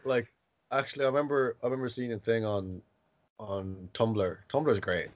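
A man's voice: medium pitch, steady tone, moderate pace, dry recording, highs cut off. A young man in casual podcast chat, rambling through anecdotes, swearing freely and acting out quotes in a raised voice.

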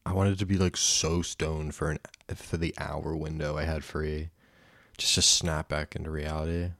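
Young male podcaster, deep voice, rambling and self-mocking, crude. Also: level tone, normal speed, fairly bright tone, dry recording. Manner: rambling and self-deprecating, swears often. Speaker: podcast host. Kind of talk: casual solo podcast monologue.

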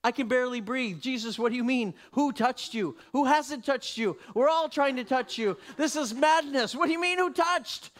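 A man's voice: very high-pitched, normal speed, few pauses, pitched above the performer's own voice. A man voicing a crowd of exasperated male disciples who cannot believe the question. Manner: incredulous, rising to a shout.

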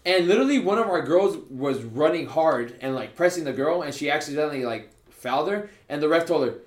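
A man's voice: fairly high pitch, expressive, a little fast. A young man co-hosting a casual podcast, loose and profane, saying bro a lot. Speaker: podcast co-host and college soccer player. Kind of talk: casual chat. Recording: echoey room.

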